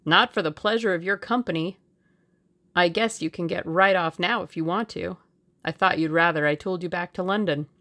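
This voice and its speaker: A woman voicing a bold young man, speaking in a brisk, laconic, breezy way. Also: lowish voice, a bit bright, close to an everyday voice. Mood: dry.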